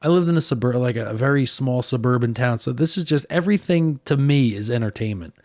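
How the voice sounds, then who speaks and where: A man's voice: mid-range voice, animated, fairly quick, a little mellow, no echo, studio quality. A man from northern New Jersey, a podcast host telling a story in a casual, chatty way full of fillers and raised mimicking voices.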